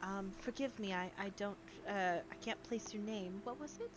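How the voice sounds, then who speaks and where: A woman's voice: medium pitch, normal speed, background noise, natural voice. A woman voicing a flustered, apologetic woman professor who stammers politely.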